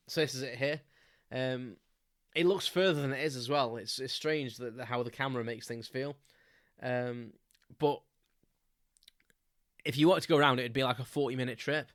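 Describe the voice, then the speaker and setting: A man's voice: mid-range voice, dry recording, studio quality. A man, hosting a podcast and telling a story in a loose, rambling way, with many ums and frequent chuckles. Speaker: podcast host. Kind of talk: casual storytelling monologue.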